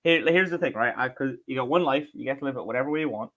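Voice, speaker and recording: A blunt man co-hosting a fitness podcast with casual, unpolished talk. His words come quickly. He speaks at a middling pitch and drops in swear words without a second thought. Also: a bit bright, highs cut off. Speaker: fitness coach and podcast co-host.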